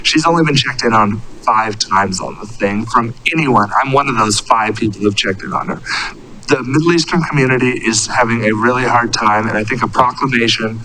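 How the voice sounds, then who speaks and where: Earnest bright-voiced man at a podium. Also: medium pitch, slight background noise, poor audio. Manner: earnest, halting, searching for words. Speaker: public commenter at a city council meeting. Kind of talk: public comment speech. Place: council chamber.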